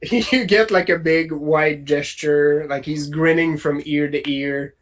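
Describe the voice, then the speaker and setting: Slow-talking male game master. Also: a little high. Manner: relaxed, rambling narration with many fillers. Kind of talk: narrating a tabletop role-playing game.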